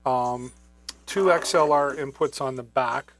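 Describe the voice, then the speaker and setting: A man's voice: medium pitch, measured pace. Casual male live-sale host, chatty, lots of ums, wireless mic sound. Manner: casual, chatty, many fillers. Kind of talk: live product demo. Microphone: wireless microphone.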